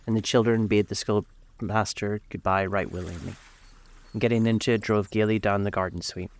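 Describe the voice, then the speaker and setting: A man narrating a classic novel aloud in a steady, even storytelling manner. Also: lowish voice, slight background noise.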